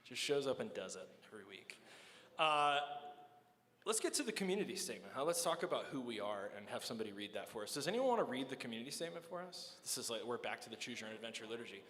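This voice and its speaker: A man's voice: mid-range voice, big pitch swings, fast talker, fairly bright tone. A man in his forties leading a church liturgy, chatty and self-deprecating, with many fillers. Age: 40s. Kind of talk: casual church service talk. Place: church hall. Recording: long echoing hall reverb.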